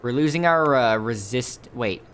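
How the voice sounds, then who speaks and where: A man's voice: mid-range voice, lively intonation, unhurried, a bit bright, a little hiss or hum. A man commenting on a video game as he plays, musing aloud with wry jokes. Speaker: gaming channel host. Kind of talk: let's play commentary.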